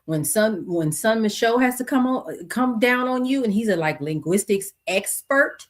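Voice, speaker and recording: A woman's voice: a little high, expressive, normal speed. A middle-aged American woman hosting her own podcast, talking casually with many fillers and asides. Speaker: podcast host. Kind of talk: casual solo podcast talk.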